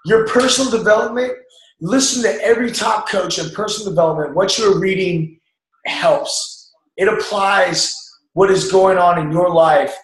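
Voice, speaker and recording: In an echoey room, a male motivational speaker with a high voice talks at a moderate pace, delivering an emphatic pep talk that coaches his group to let go of doubt.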